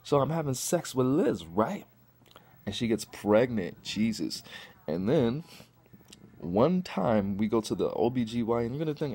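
A man's voice: mid-range voice, unhurried, slightly rough. A young man telling a crude personal story in a profane vlog rant, acting out what people said. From Chicago. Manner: profane, animated, acts out quotes. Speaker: vlogger.

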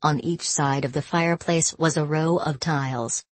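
Woman narrator, low voice, measured story reading, dry studio sound. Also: steady tone, dry recording.

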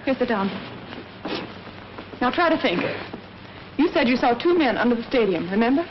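Young woman sleuth, brisk, coaxing, take-charge, fairly high voice, 1930s film, dull hissy soundtrack. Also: sing-song.

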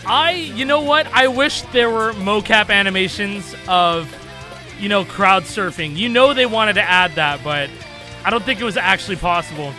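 A young man giving casual gameplay commentary, excitable, laughing often and swearing, breaking into shrieks when something amuses him. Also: high-pitched, moderate pace, soft background music. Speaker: gaming YouTuber.

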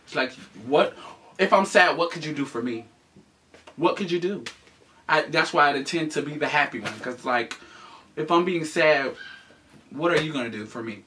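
A man's voice: fairly high pitch, moderate pace, pauses often, sharp tone. A man co-hosting a casual chat, joking and teasing as he talks. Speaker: co-host. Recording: slightly distant mic with faint noise.

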